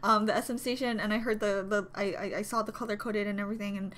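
A woman's voice: medium pitch, flat delivery, quick pace, a bit bright, slight background noise. A young woman filming a reaction video, gushing and flustered, talking herself through it and swearing casually. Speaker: YouTube reactor. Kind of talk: excited reaction vlog.

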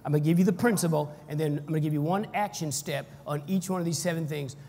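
A man preaching a sermon as pastor, energetic and leading the congregation in call-and-response. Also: fairly high pitch, fast, vocal fry, slightly rough. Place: church hall. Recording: echoey church hall.

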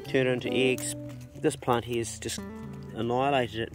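A man's voice: mid-range voice, flat delivery, moderate pace, music in the background. A middle-aged man hosting a casual vlog outdoors on his farm, talking bluntly and swearing easily. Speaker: farm owner and channel host. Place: outdoors on a rural farm property.

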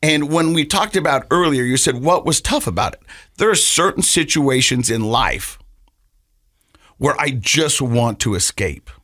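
A man's voice: mid-range voice, lively intonation, a little slow, fairly bright tone, no echo. Dry-voiced man telling a rambling story. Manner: rambling, repeats words, laughs while telling; earnest, reflective. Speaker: podcast co-host. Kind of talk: casual storytelling.

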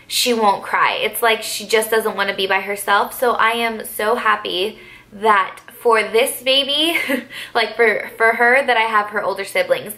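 A woman's voice: medium pitch, a little slow, bright, forceful tone. A young woman and mother of three, chatting casually in a Q&A vlog with easy filler words.

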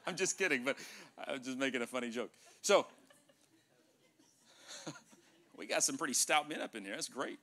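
A male pastor preaching a sermon in a church, animated, joking with the congregation and acting out dialogue. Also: medium pitch, normal speed, pauses often. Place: church sanctuary.

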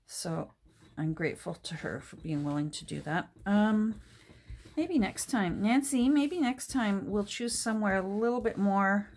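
A woman's voice: medium pitch, lively intonation, a little slow, a little mellow. A middle-aged woman chatting casually and rambling while she crafts at home, with many restarts and ums. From Canada. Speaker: crafting vlogger. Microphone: camera mic at a work table.

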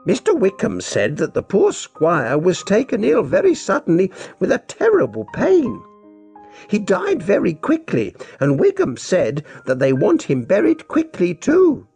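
A man doing a shrill, frightened woman servant. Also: huge pitch swings, measured pace, creaky, a little mellow, slightly rough, faint music behind, full character voice. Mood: grave. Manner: high, cried and breathless.

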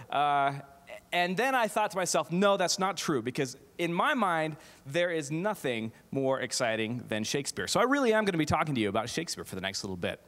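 A man's voice: on the high side, big pitch swings, fairly quick, fairly bright tone. A middle-aged man giving a humorous keynote as a theater professor, self-deprecating, with many fillers and restarts. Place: large auditorium. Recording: echoey hall reverb.

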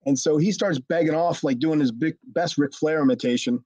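Speaking quickly in a fairly high, darkish voice with a breathy edge, this middle-aged man keeps his intonation fairly even. He's a former pro wrestler casually recounting a story in an interview, cursing freely and performing the people involved. The audio is dry and slightly dull lo-fi, without room sound.

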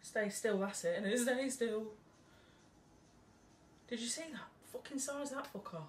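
A woman vlogger with a fairly high voice talks at a normal speed, rambling and swearing freely through a casual haul video. She's recording at home beside an open window, and the distant mic picks up faint background noise.

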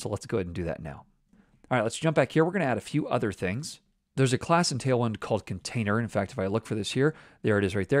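A man's voice: on the low side, no room sound, clean studio sound. A man giving a casual screen-recorded coding lesson, explaining each step as he works. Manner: casual, explanatory, walks through steps while working. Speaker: web development instructor.

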